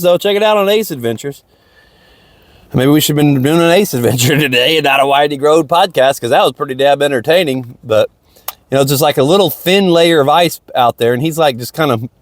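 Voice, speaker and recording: Outdoors by a lake, a man hosts a podcast, rambling through a casual motivational monologue that flows stream-of-consciousness and keeps repeating. His voice is mid-range, with no room sound.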